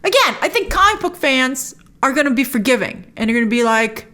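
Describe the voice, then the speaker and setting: A woman hosts a trailer reaction in a chatty, opinionated way, full of quick asides. Her voice sits a little high and swings widely in pitch. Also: big pitch swings, bright, forceful tone. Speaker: host of a film trailer reaction show. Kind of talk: casual trailer reaction commentary.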